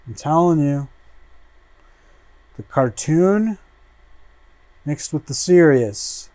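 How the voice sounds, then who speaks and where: A man hosting a casual livestream, flipping through a comic book and muttering relaxed asides, swearing freely as he goes. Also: on the high side, extremely slow, pauses often, no room sound.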